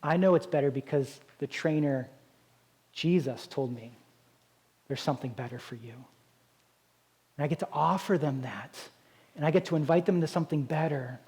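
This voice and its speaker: High-voiced man preaching a casual sermon. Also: moderate pace, warm tone, husky, low-quality recording. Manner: conversational, keeps asking "right?". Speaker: pastor.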